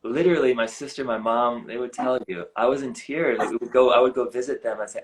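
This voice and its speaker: A man in his forties telling a personal story in an earnest, animated way, often saying "like", recorded over a live video stream. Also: mid-range voice, quick pace, slight background noise, rough recording. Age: 40s. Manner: earnest, animated, heavy use of "like". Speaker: guest. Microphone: live video stream on a phone or computer.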